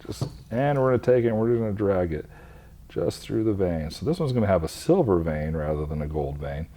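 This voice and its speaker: A man, a craft instructor, talking through an epoxy resin demonstration step by step in a relaxed way. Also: low-pitched, slight background noise.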